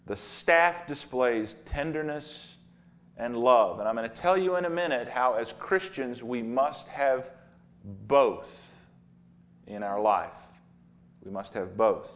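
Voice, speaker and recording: Earnest man preaching a sermon. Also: medium pitch. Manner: earnest, vivid storytelling with repeated phrases.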